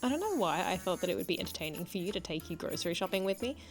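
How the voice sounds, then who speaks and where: Aussie woman rambling to her camera, self-deprecating vlog chat, soft music behind. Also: on the low side, very animated, rapid-fire. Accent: Australian. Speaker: jewellery maker and vlogger. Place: home jewellery studio.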